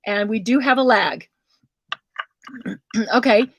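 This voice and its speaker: A woman's voice: a little high, slow, husky, no room sound. A woman hosting a casual craft livestream, chatting with viewers and calling them by name.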